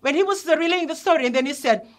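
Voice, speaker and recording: Woman pastor, high voice, earnest testimony turning into emphatic preaching. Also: very fast. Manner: earnest storytelling, rising to emphatic exhortation. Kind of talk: testimony sermon.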